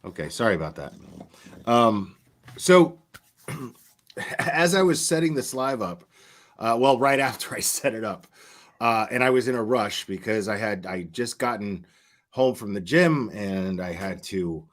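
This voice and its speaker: A man in casual livestream chat, talking slowly with a lively, swinging pitch. He rambles in a chatty way and keeps circling back to restart his sentences. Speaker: livestream host.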